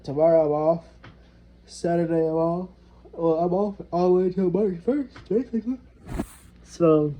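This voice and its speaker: A man's voice: fairly high pitch, dark tone, slight background noise, poor audio. A young man venting in a rambling, frustrated way, swearing heavily as he talks to the camera. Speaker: vlogger. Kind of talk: casual venting monologue.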